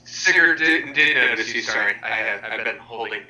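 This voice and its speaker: A man playing a tabletop game, describing his character's actions haltingly with many fillers. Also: medium pitch, bright, forceful tone, poor audio. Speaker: player. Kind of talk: casual tabletop role-play.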